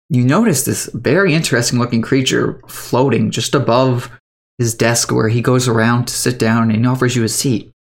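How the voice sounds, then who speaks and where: A man narrating a tabletop game as game master, in a loose, second-person storytelling way with casual fillers. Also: mid-range voice.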